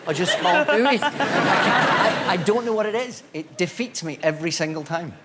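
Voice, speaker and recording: A man's voice: high voice, lively intonation, normal speed, over a noisy crowd, very noisy. A Scottish man, an actor on a TV panel show, telling a self-deprecating comic story and chuckling as he goes. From Scotland.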